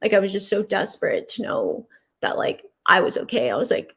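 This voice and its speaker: A woman giving personal testimony in an interview, emotional and halting, with frequent restarts. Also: medium pitch, big pitch swings, fairly bright tone, slightly rough. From California. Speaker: interview guest.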